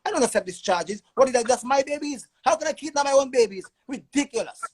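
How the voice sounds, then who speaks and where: A man's voice: very high voice, animated, fast talker, husky, low-quality recording. A man telling his own story as a father in an emotional testimony, urgent and repeating words in long stammering runs.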